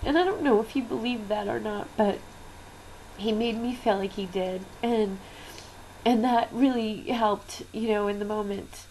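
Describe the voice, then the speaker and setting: A woman's voice: mid-range voice, a little slow, low-quality recording. Business coach lady telling her story, candid, a bit teary, faint noise behind. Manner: candid, emotional, frequent fillers and soft laughs. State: close to tears. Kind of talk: personal storytelling to camera.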